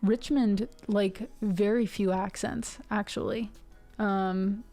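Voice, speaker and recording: A woman's voice: medium pitch, fairly even intonation, slow, warm tone. A woman from the Ohio River Valley hosting a music livestream, chatting casually and rambling with restarts and fillers. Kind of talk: casual chat with stream viewers.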